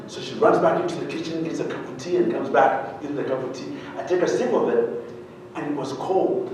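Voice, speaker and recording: A man from Uganda tells stories from a keynote stage with a humorous, animated delivery, often throwing questions back to the crowd. His voice sits a little high, and he stands well back from the microphone. It rings out through a very echoey hall over a faint hum. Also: fairly quick. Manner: animated, humorous, quizzes the audience. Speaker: keynote speaker. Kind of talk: storytelling keynote speech. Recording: very echoey hall, voice far from mic.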